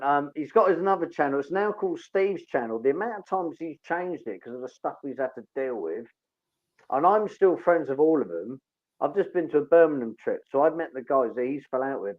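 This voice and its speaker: Chatty man on lo-fi audio. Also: mid-range voice. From Hampshire. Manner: chatty, laughs often. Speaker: guest caller on a live stream. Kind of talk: casual live stream chat. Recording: dull lo-fi call audio.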